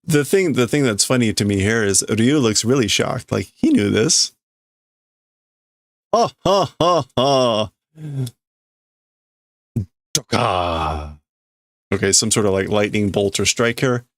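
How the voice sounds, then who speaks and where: A male streamer reads a manga aloud live and translates it as he goes, thinking out loud and stumbling over words. His voice is lowish, his pace normal with few pauses, and the studio recording is clean and echo-free.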